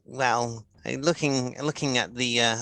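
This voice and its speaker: A man voicing a stocky middle-aged male deep gnome with a German accent, who talks haltingly with many hesitations. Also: fairly even intonation, gravelly, sharp tone, no room sound. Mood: musing.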